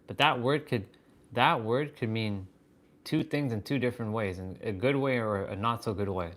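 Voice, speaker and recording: A man hosting a livestream, musing aloud in halting, wondering phrases with bursts of excited swearing. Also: medium pitch. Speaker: fitness and wisdom livestream host. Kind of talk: live stream musing.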